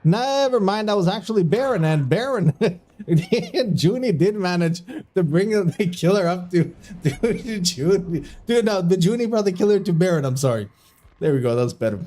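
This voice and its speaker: A man's voice: high-pitched, lively intonation, normal speed, dark tone. A man streaming live video game commentary on a community tournament, often breaking into giggling fits and tripping over his words. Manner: trips over his words and restarts when flustered.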